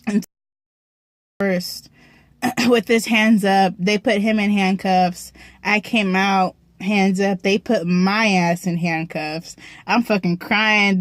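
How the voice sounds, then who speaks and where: Young woman vlogger, mid-pitch, dry sound; slangy, swears a lot, keeps clearing her throat. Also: no echo. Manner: profane, slangy storytelling with frequent throat clearing. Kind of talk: casual storytime. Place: parked car.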